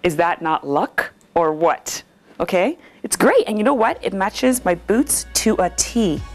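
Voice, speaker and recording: Chatty, excitable woman with a creaky voice. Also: fairly low pitch, a little slow, soft background music, rough recording. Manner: chatty, nervous and excitable, jokey asides. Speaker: interviewer. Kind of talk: vlog-style chat to camera. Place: hotel room and city streets.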